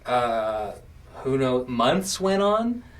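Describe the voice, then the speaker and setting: Animated man telling stories, off-mic. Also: medium pitch, extremely slow, distant mic. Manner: animated storyteller, acts out quotes. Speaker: podcast host. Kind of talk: casual chat.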